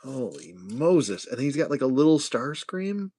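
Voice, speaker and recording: A man casually chatting and joking to himself as he builds toy figures on a livestream, sometimes dropping to a hushed whisper. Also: mid-range voice, big pitch swings, unhurried, slightly rough. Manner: chatty, jokey, talks to himself while building. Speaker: toy collector host.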